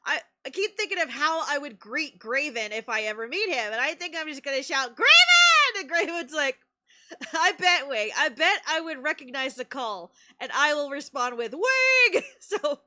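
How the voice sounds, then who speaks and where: Woman, streamer, high voice, very animated pitch, excitable, giggly, casual swearing. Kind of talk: casual live-stream storytelling.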